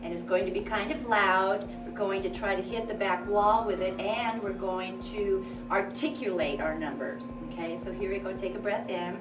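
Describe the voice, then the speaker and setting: A woman's voice: mid-range voice, steady tone, moderate pace, few pauses. A woman leading a confidence and voice workshop, encouraging a crowded room of girls through breathing exercises. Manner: encouraging, leads group exercises, loud counting drills. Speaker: workshop coach. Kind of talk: live workshop talk to a group. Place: crowded room with a group standing. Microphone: far room recording. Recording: echoey room from a distance with music.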